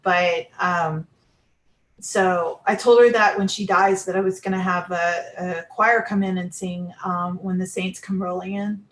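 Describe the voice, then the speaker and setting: A woman's voice: on the low side, fairly even intonation, measured pace, roomy sound. A woman talking casually about spiritual experiences, rambling with many fillers and restarts.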